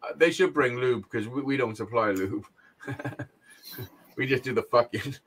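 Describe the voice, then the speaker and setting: A man's voice: mid-range voice, normal speed, fairly bright tone, slight background noise. A middle-aged man, co-hosting a podcast and telling a blunt, sweary story with frequent laughs. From Wales. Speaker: podcast co-host. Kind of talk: casual storytelling chat.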